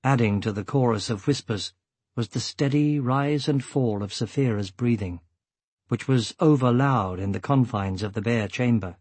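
Husky-voiced man narrating slowly. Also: medium pitch, a little mellow, dry recording. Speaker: audiobook narrator. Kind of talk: scripted narration.

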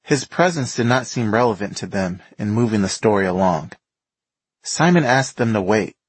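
A man narrating a documentary in a measured, even storytelling manner. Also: fairly low pitch, husky, no echo, low-quality recording. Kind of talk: scripted narration.

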